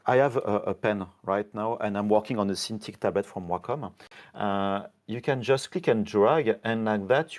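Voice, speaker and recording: Non-native guy on a live stream showing off software features, lowish voice, lots of uh and sorry. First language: not English. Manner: halting, many fillers and self-corrections. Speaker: software team member demonstrating features.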